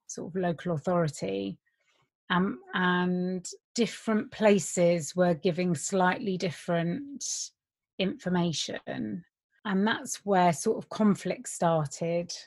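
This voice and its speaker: A woman who worked in a care home, speaking plainly and bluntly in an interview. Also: fairly low pitch.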